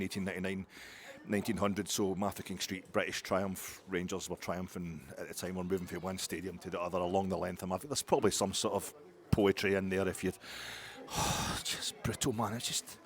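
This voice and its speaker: A man's voice: low voice, little pitch movement, fast talker. A middle-aged man with a Glasgow accent, chatting on his own fan podcast in a rambling, digressive, sweary way. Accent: Scottish, Glasgow. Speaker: podcast host. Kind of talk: solo fan podcast chat. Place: outdoors in the cold.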